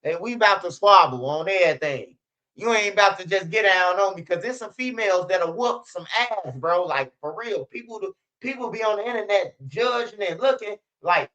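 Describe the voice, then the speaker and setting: Man from Chicago hosting a street-news commentary channel. High, bright voice. Slangy storyteller who acts out the quotes. Lo-fi sound. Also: brisk. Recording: dull lo-fi sound.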